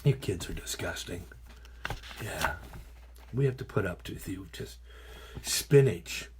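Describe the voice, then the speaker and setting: Middle-aged male teacher, lowish voice, playful read-aloud with chatty asides, faint noise behind. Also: animated, slow. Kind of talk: reading picture books aloud to a class.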